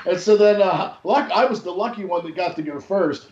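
A man hosting a podcast from home, telling a story in a casual, profane and animated way. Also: high-pitched, fairly quick. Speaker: podcast host. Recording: echoey, dull lo-fi room sound.

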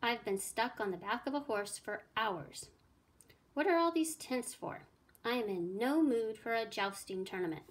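A woman's voice: on the high side, lively intonation, moderate pace, lightly acted. A woman reading aloud, voicing a grumpy, tired king in a storybook. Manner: grumbling, then pleased.

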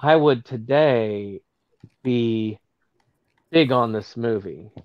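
A man co-hosting a casual movie podcast, giving earnest, measured opinions. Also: medium pitch, dry recording, lo-fi sound. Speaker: podcast co-host.

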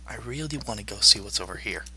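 Bright-voiced chatty male gamer. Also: lowish voice, expressive, quick pace, slightly rough. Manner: chatty, talks to in-game monsters, jokey. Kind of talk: video game commentary.

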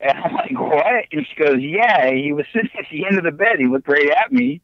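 A man telling his ghost story as a podcast guest, animated and excitable, with big jumps in his voice. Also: fairly high pitch, a little fast, dry recording. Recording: dull, lo-fi remote audio.

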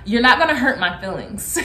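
A woman talks casually to her viewers, laughing and acting out quotes. Her voice is bright and a bit high. The room is echoey, with faint music behind her. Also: normal speed. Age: 30s. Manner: animated, laughing, acts out quotes in a high excited voice. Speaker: vlogger. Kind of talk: casual storytelling chat.

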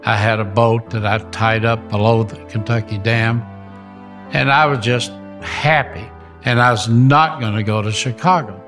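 An older man, a ministry founder, telling stories in an animated interview and repeating phrases for emphasis. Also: mid-range voice, moderate pace, faint music behind. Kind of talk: storytelling interview.

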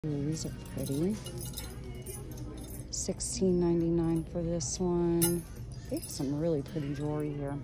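A woman vlogging while shopping in a large store, reading out prices item by item and softly admiring what she sees, recorded on a handheld phone. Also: low voice, fairly even intonation, measured pace, pauses often. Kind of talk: casual running commentary while shopping. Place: indoors in a large retail store. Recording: loud background music over voice. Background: loud music.

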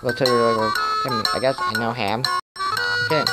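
A man's voice: medium pitch, steady tone, moderate pace. A man giving casual reaction commentary to a cartoon, rambling, giggling often and stumbling over his words. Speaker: video reactor. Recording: loud music from the video underneath. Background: loud cartoon soundtrack music.

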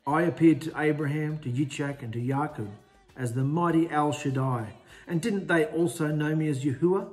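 A man's voice: a little high, a little mellow, natural voice. A man voicing a commanding male deity who speaks in firm, emphatic declarations.

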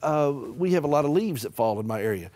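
Man, Southern US accent, middle-aged, quick-paced, folksy storytelling, humorous, gentle when hushed. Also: a little high, lively intonation. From American South. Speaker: author and caregiver advocate. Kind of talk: Christian TV interview guest.

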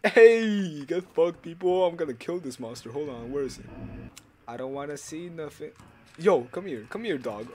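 A young man with a voice on the high side plays a horror game on YouTube, talking at a moderate pace with slight background noise. Swearing often and repeating himself, he is loud and excitable, yelping and screaming each time he gets scared.

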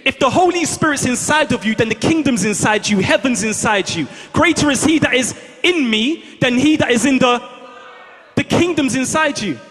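Man, very high voice, fervent preacher, call-and-response, reverberant church hall. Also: lively intonation, moderate pace, fairly bright tone. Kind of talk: sermon. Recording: long reverb of a large hall.

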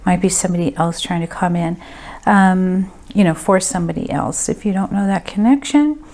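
A woman's voice: fairly low pitch, moderate pace, a little mellow. Hesitant woman giving a medium reading. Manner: hesitant, thinking aloud with many ums. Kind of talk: group reading, casual talk.

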